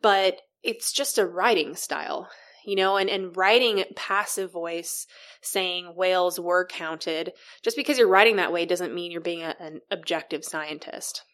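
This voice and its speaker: A woman co-hosting a podcast, explaining writing step by step with examples in a relaxed, conversational way. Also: on the low side, measured pace. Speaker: podcast co-host.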